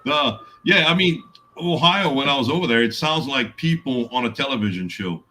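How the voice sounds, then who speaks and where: A man's voice: mid-range voice, lively intonation, moderate pace, pushed and bright, poor audio. A man talking at length in a casual live-stream chat, explaining his points.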